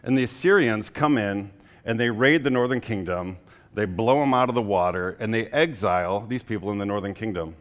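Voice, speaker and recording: A young adult man preaching a sermon as a pastor, in a relaxed conversational way, full of fillers, telling personal stories. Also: on the low side, fairly quick. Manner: conversational, frequent "like" fillers, storytelling. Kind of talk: casual sermon.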